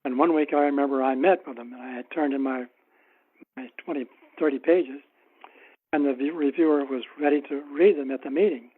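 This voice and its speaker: A man as an author guest in a casual interview, telling anecdotes in an unhurried, wry way. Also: medium pitch, fairly even intonation, husky. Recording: tinny phone-like line.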